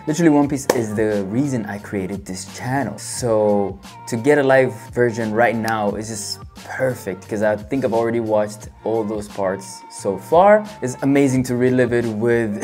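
Excitable man hosting a fan reaction. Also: medium pitch. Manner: excitable, bursts into loud cheers. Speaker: reaction channel host. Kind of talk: casual fan reaction commentary.

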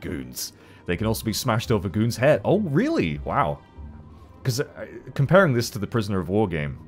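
A man with a low voice hosts a let's play with chatty commentary. His pitch jumps around a lot as he reacts and swears casually, with faint music behind him.

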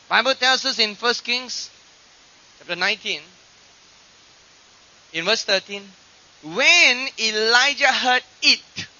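A man preaching a sermon to a congregation, swinging from loud, drawn-out lines to hushed ones, with fillers and restarts. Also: sits high. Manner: dramatic swings between loud and hushed delivery. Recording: dull lo-fi archive recording.

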